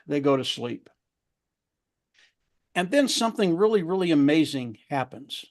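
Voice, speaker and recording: A man at a round table, telling a motivational story in an earnest way and repeating words for emphasis. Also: fairly high pitch.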